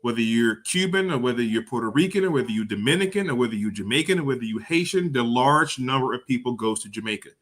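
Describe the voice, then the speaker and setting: A man's voice: mid-range voice, fast, few pauses. A man giving an informal, preachy lecture, talking over visuals and swearing freely. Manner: animated, profane, preachy.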